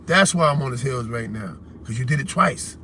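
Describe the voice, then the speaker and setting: A man's voice: mid-range voice, expressive, moderate pace, sharp tone, slight background noise. A man with a New York accent hosting a call-in livestream, talking bluntly and confrontationally in street slang. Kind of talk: heated casual livestream rant.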